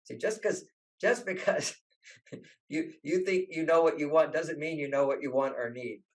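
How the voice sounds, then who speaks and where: A man's voice: on the high side, moderate pace, rough recording. An older man, a relationship author, telling stories in an interview and acting out the voices he quotes. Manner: animated, acts out quoted voices. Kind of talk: storytelling interview talk.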